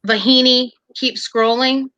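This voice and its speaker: Bright, animated chatty woman. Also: high voice, slow pace, no room sound, highs cut off. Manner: animated storyteller, swears, acts out quotes loudly. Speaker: podcast co-host. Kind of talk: casual chat.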